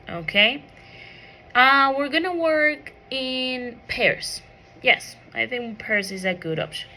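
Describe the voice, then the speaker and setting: A woman's voice: medium pitch, bright, forceful tone. A woman teaching an English pronunciation micro lesson, asking the class questions and checking in with "okay?" after each point.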